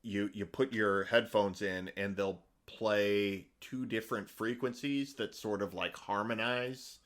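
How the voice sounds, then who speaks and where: Low-voiced middle-aged man, rambling chat. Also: steady tone, a little slow, a bit bright. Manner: rambling, many fillers and restarts. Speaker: podcast co-host. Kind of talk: casual chat.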